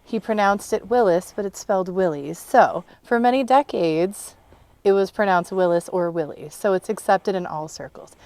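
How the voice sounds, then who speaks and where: A woman co-hosting a car restoration video, chatting casually, excited and laughing often. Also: mid-range voice, normal speed. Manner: bubbly and excited, laughs often, rambling explanations. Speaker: co-host and producer of a car restoration channel. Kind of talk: casual on-camera chat.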